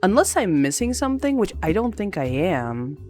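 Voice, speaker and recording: A woman's voice: lowish voice, very animated, normal speed, darkish tone, faint music behind. A woman streamer in casual gameplay commentary, jokey and giggly as she thinks aloud. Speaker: gaming streamer.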